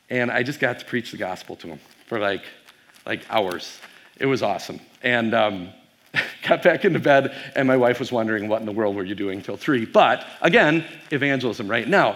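A man's voice: medium pitch, a bit bright. A man, a pastor, giving a casual keynote talk to a youth audience, telling stories with fillers and quizzing the crowd.

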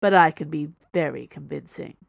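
A woman's voice: deep voice, normal speed, creaky, dry recording, highs cut off. A woman voicing a mischievous male swordsman with dry humor in an audiobook reading. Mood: wry. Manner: wry, teasing.

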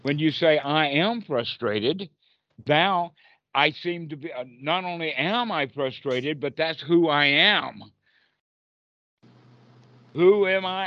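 A man's voice: fairly high pitch, animated, slow pace, pushed and bright, no echo. Playful man coaching over a dull call. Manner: playful and encouraging, acting out inner dialogue. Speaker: Buddhist meditation teacher. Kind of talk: guiding a participant on a group video call. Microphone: video call.

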